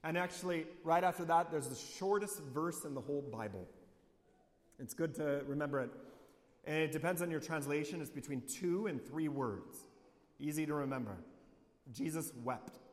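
A man, a priest, giving a reflective homily, often dropping quiet and low on key lines. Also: normal speed, big-room sound.

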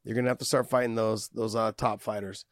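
A man's voice: on the low side, flat delivery, fast, no echo, studio quality. A man hosting a podcast in casual chat, easygoing and rambling, swearing freely. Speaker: podcast host.

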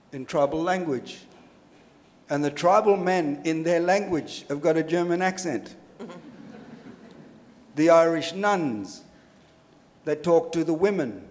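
Emphatic Australian man in an echoing hall. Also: a little high. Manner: emphatic, blunt, humorous storytelling. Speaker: panelist. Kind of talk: panel discussion. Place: lecture hall at a public forum. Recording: reverberant lecture hall.

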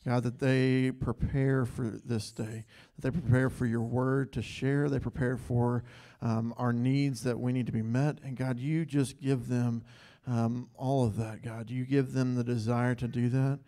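A man's voice: medium pitch, level tone, a little slow, hardly any pauses, dark tone. A man leading an earnest spontaneous prayer in church, saying God between phrases, with hesitant ums. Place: church sanctuary.

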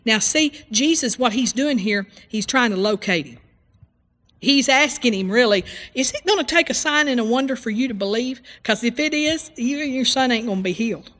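A woman's voice: on the high side, normal speed, big-room sound. A woman preaching a sermon, retelling a story and acting out the voices in it. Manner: animated storytelling, acts out voices in quotes.

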